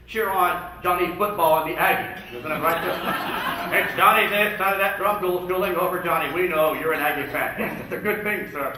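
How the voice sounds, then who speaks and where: A man working as a comic emcee at a luncheon, firing off rapid jokes and slipping in and out of impressions. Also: high-pitched, sharp tone, slight background noise. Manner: rapid-fire jokes and impressions, jumping in and out of voices. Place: luncheon event hall. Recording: echoey hall, far from the mic.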